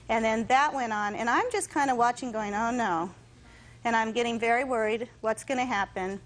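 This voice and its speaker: A woman testifying in court, telling her story in an animated way and acting out what others said. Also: fairly high pitch, poor audio. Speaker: litigant in court.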